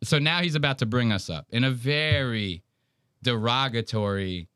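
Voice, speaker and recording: A man riffing on a podcast in casual, profane banter. His pitch swings widely as he mocks and jokes. The sound is dry and close to the mic. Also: normal speed, clean tone, dry recording. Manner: animated, swearing, mocking. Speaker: podcast co-host.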